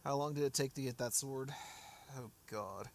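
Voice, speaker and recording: A man's voice: medium pitch, moderate pace, vocal fry, slight background noise. A man streaming a game, talking casually and rambling with frequent restarts while answering chat, his voice a bit worn. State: losing his voice. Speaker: gaming streamer. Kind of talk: casual livestream commentary.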